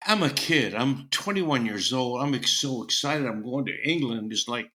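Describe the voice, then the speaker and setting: Older male guest storyteller from Florida with a bright, punchy tone who mimics the people in his tales. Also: medium pitch, normal speed. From Tampa, Florida. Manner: lively, acts out the people in his stories. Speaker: guest musician. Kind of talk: anecdotal storytelling.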